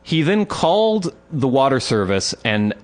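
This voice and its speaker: A man's voice: mid-range voice, measured pace. Podcast guy telling a story, swears a lot, voice jumps all over the place. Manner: animated storytelling, acts out quotes, swears a lot. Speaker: podcast host. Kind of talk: casual chat.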